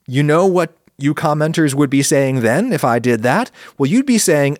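A man hosting a podcast, making his case to listeners in an animated, argumentative monologue. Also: normal speed, hardly any pauses, dry recording, clean studio sound. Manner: animated, argumentative, swings pitch for emphasis. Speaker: podcast host answering listener questions. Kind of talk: casual spoken monologue.

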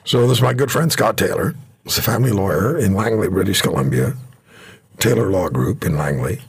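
A man hosting a talk show, telling stories and jokes in an animated, jokey way. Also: sits low, fairly quick, vocal fry, slightly rough. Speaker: radio talk show host. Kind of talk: casual storytelling talk.

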